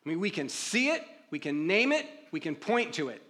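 A man's voice: high voice, very animated, a little fast. A man preaching a sermon as a pastor, talking conversationally and acting out pleading prayers. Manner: conversational preaching, acts out pleading prayers, drops to quiet reflective tone.

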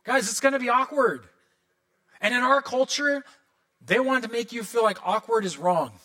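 Pastor, male, high and bright tone, animated sermon storytelling with comic asides. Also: moderate pace.

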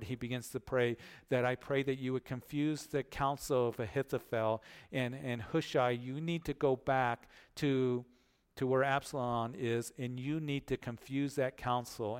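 A man's voice: mid-range voice, fairly even intonation, measured pace, clean tone. A male pastor giving a verse-by-verse Bible study, earnestly reading scripture aloud and retelling the stories around it.

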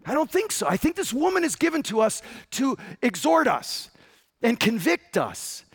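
A man preaching a sermon with passion, jumping from loud outbursts to hushed whispers. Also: very high-pitched, vocal fry. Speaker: pastor.

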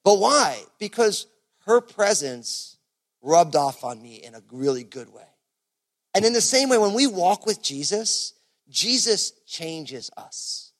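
Man, pastor, sermon, conversational, lots of fillers, fairly high voice. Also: very animated, takes it slowly. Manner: casual, conversational preaching with many fillers. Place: church service.

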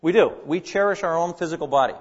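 A man's voice: a little high, fast talker, highs cut off. A man preaching a sermon, earnest and emphatic, leaning hard on key words as he builds his points. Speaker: pastor.

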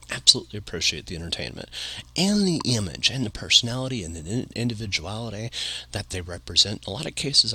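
A man's voice: deep voice, creaky, sharp tone, husky. A man hosting a podcast, telling a long casual anecdote in a rambling way, full of filler phrases. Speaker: podcast host.

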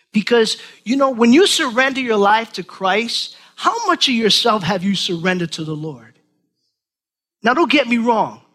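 A man preaching a sermon, dramatizing the apostle's words and swinging between loud emphasis and quiet asides. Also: high voice. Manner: animated, dramatizing scripture with acted voices.

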